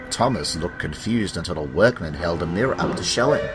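A man narrating a children's story in a calm, measured way, over loud background music. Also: low-pitched.

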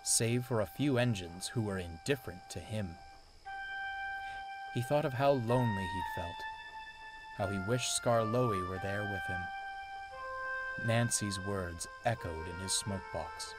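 A man narrating a storybook tale in a measured way. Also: fairly low pitch. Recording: narration over loud music.

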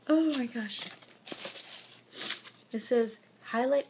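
A woman's voice: medium pitch, moderate pace, noisy background. A young woman vlogging as she unboxes a gift package, gushing and effusive, often close to tears. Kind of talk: casual unboxing vlog. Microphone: phone or camera mic.

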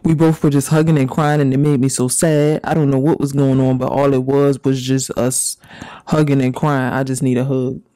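A man doing casual, profane reaction commentary and reading messages aloud, with drawn-out reactions. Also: medium pitch, level tone, mellow, no room sound. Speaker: commentary YouTuber.

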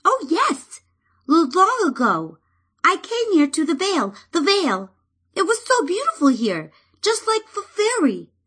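Storybook fairy: tiny, timid male sprite, squeaky, stammering, tearful, pitched very high; a woman voices him. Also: huge pitch swings, a little slow, a bit bright, exaggerated voice. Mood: stammering, wistful. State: crying. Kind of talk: audiobook reading.

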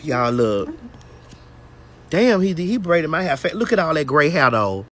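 A woman's voice: sits low, big pitch swings, unhurried, slight background noise. A woman hosting a casual phone livestream outdoors while getting her hair braided, telling a brash, profane story. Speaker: host.

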